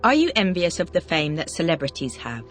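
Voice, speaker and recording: A teacher runs a language drill, reading out single vocabulary words and then firing brisk questions. The voice sits at a middle pitch, its intonation swings widely, and faint music plays underneath. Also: very animated, fairly bright tone. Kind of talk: scripted question-and-answer drill.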